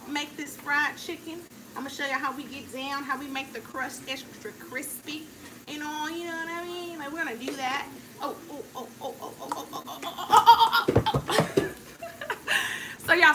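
High-voiced chatty woman cooking at home. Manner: chatty and playful, talks straight to viewers. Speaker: cooking vlog host. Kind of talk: casual chat while cooking. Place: home kitchen. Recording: noisy home recording.

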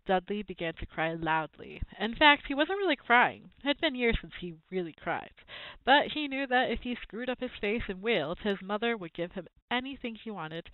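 A woman reads a children's book aloud, lively and expressive in her storytelling. Her voice is dry and close. The sound is thin and narrow, like a phone line. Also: medium pitch, fairly quick, no echo. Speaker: reader.

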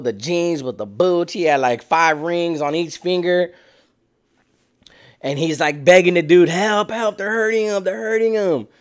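Animated slangy man telling a story. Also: on the high side. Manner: animated, slangy, acts out sounds and voices. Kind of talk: casual storytelling.

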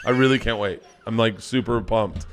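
A man in his forties with a lowish voice tells loud, animated stories as a podcast guest. He swears freely and rambles through his anecdotes. The studio sound is plain. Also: normal speed. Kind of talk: casual podcast chat.

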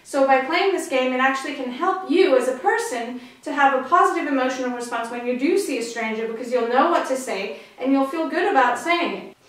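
High-voiced woman, distant and echoey. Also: fairly quick. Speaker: dog trainer. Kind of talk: instructional video talk.

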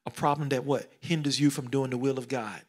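A middle-aged man preaching a sermon, swinging between loud exclamations and hushed whispers, repeating phrases and calling out questions to the congregation. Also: mid-range voice, steady tone, fairly quick. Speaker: pastor.

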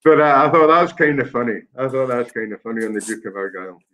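A man, a guest telling a lively, self-deprecating anecdote in a casual way. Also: medium pitch, fast, rough recording. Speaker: guest storyteller.

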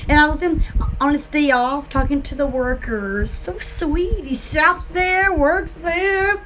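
Woman, Southern accent, very high voice, sharp and bright, giggly, excitable, rambling vlog, faint background noise. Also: takes it slowly. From Alabama. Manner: giggly, excitable, lots of "oh" and fillers. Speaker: online shop owner.

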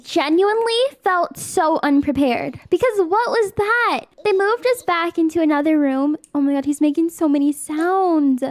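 A woman's voice: very high voice, normal speed, hardly any pauses, no echo, studio quality. A woman hosting a casual let's play, gushing and exclaiming as she comments and reads game text aloud. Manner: excitable, gushing, exclaims often.

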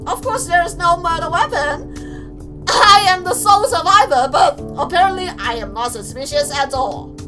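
A young woman giving let's play commentary, excitable and gleeful, shouting and playfully menacing. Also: very high voice, moderate pace, music in the background. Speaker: gaming streamer.

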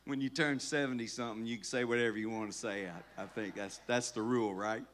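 Bright-voiced male pastor preaching. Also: mid-range voice, fairly even intonation, fast talker, a little hiss or hum. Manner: conversational preaching, building intensity with repeated phrases. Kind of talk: sermon.

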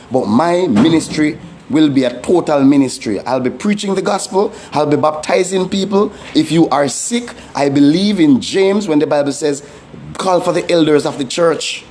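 A man's voice: on the high side, expressive, normal speed, a little mellow, a little hiss or hum. A man, a pastor, giving a testimony sermon in an earnest, emphatic preaching manner with repeated warnings.

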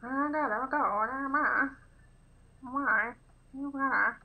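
A woman putting on a fast-talking character from old films, loud and clipped, in an exaggerated delivery. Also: sits high, phone-quality sound, pitched above the performer's own voice, heavily acted. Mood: brash.

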